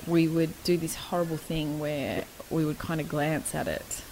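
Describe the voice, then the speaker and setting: A woman's voice: low voice, steady tone, normal speed, darkish tone, slight background noise, poor audio. A young woman telling a personal story in a candid, casual chat, speaking frankly, swearing freely and laughing between lines.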